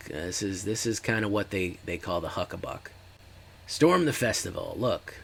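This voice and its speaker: A man's voice: low voice, expressive, moderate pace, gravelly, slight background noise. A man giving casual, chatty commentary while streaming a card game and talking to his live chat.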